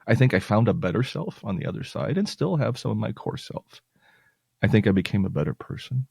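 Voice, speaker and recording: A man's voice: on the low side, sing-song, brisk, creaky, mellow, husky, no echo, studio quality. A male podcast host talking earnestly and reassuringly to his listeners, at times getting emotional. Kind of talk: heartfelt personal talk to listeners.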